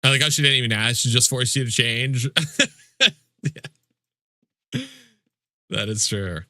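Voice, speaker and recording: A man's voice: medium pitch, measured pace, pushed and bright, dry recording, studio quality. A man streaming a game live, chatting casually with viewers in mock-indignant, joking complaints and swearing freely. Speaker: livestreamer. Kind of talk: casual livestream chat with viewers.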